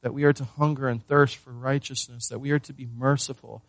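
A man's voice: mid-range voice, little pitch movement, fairly quick, no echo. A man preaching a sermon as pastor, earnest, often repeating words and asking the listeners questions.

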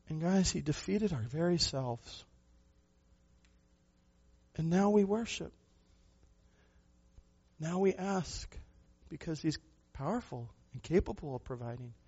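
A pastor preaching a sermon, a man who speaks with emphasis, asks rhetorical questions and moves between loud and soft passages. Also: fairly high pitch, gravelly, husky, highs cut off.

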